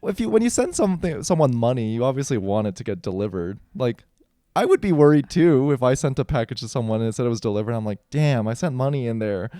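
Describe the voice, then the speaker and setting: Male co-host, mid-pitched with a lively, swinging delivery, supportive, dry podcast mic. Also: fast, dry recording. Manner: supportive listener, expressive reactions. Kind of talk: casual podcast chat.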